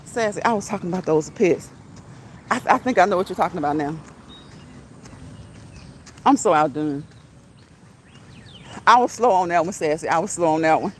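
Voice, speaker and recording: A woman's voice: lowish voice, lively intonation, normal speed, pauses often, slight background noise. A woman hosting a casual live stream while walking outdoors, chatting with her viewers, laughing often and reading the chat aloud. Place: outdoors on a neighborhood walk.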